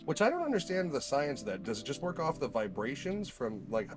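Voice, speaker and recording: A man's voice: medium pitch, very animated, brisk, music in the background. A man co-hosting a live stream, trading crude wisecracks in casual chat.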